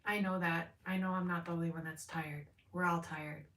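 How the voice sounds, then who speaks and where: A woman with a lowish, steady, slightly bright voice gives a live-streamed tarot reading at a moderate pace. She rambles candidly, swears without restraint and laughs often; the distant mic yields a roomy sound.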